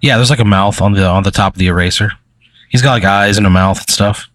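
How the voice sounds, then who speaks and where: Low-voiced man game master, rambling. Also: quick pace, a bit bright, no room sound. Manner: rambling, filler-heavy narration. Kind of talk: narrating a tabletop role-play.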